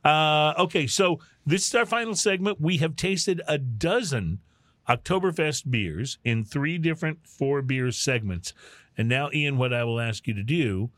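A man in his sixties hosting a casual beer-tasting chat show, relaxed and quick to laugh. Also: a little high, dry recording, studio quality. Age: 60s. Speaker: podcast host.

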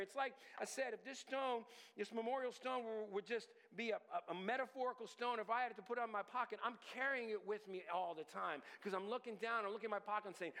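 A man's voice: sits high, a little fast, few pauses, pushed and bright. Man, pastor, sermon, plays out little family scenes, reverberant church hall. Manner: acts out whiny children and parents in little scenes.

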